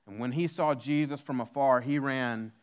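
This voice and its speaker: A male pastor preaching a sermon, reading scripture aloud and slowing down to stress key lines. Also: medium pitch, smooth. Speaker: lead pastor.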